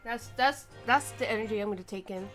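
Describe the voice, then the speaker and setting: A woman's voice: mid-range voice, a little fast. A young woman streamer reading a game aloud and chatting in a tired, rambling, joking way, with swearing. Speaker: streamer playing and voicing a game. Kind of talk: casual game commentary with voiced dialogue. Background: soft lofi music.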